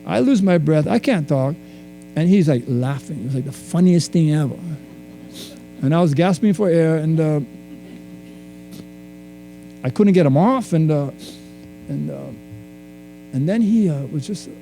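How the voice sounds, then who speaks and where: A man from Hawaii giving a talk, telling a personal story in a reflective, halting way with many restarts. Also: fairly high pitch, animated, creaky, mellow, a little hiss or hum, rough recording. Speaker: speaker. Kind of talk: storytelling lecture.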